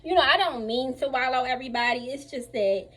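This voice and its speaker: Chatty young woman with a high voice. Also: brisk, breathy edge. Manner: chatty, animated retelling with acted-out quotes. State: sore, recovering from surgery. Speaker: vlogger. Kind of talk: casual storytime while getting dressed.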